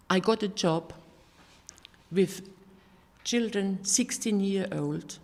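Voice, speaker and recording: An older woman gives a personal testimony sermon in an earnest, halting way, with many restarts and fillers. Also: on the low side, a little mellow. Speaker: sermon giver. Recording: hall reverb.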